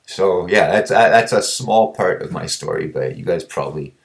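A man's voice: sits low, animated, normal speed, vocal fry. A young man vlogging, ranting bluntly and combatively, swearing constantly. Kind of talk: profane ranting monologue.

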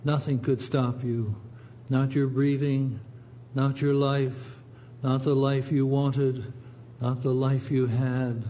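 A man giving a poetry reading, reciting in a slow, measured, even way. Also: medium pitch, a little hiss or hum. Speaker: poet.

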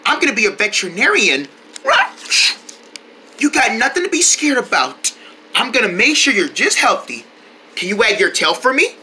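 A woman voicing a calm, gentle female doctor and vet who talks slowly and soothingly in a toy story. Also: fairly high pitch, a little hiss or hum, pitched below the performer's own voice. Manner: slow, soothing.

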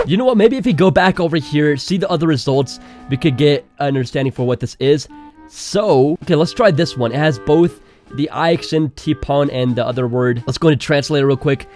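Excitable man doing a tech walkthrough. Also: a little high. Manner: excitable, laughs often. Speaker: tech video host.

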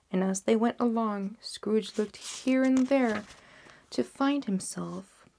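A woman narrating a classic story, softly and often near a whisper. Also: mid-range voice, creaky. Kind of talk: audiobook narration.

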